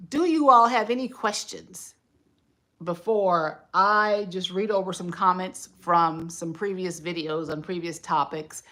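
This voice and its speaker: A woman with a lowish, bright voice and a forceful tone hosts a casual livestream from home. She thinks aloud in a reflective, conversational way, using fillers often.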